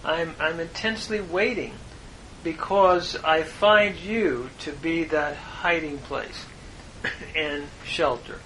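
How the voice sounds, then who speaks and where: A man teaches scripture in a measured, unhurried way, leaning on key words for emphasis. His voice is bright and sits a little high. A faint low rumble runs behind him. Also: poor audio. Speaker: Bible teacher. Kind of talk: devotional Bible lesson with Hebrew word study.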